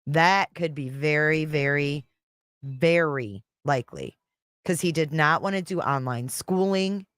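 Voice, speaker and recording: A woman's voice: sits low, measured pace, a bit bright, no echo, clean studio sound. A woman hosting a live stream, chatting casually and reading out viewer comments as she reacts to a clip. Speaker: livestream host reacting to a clip.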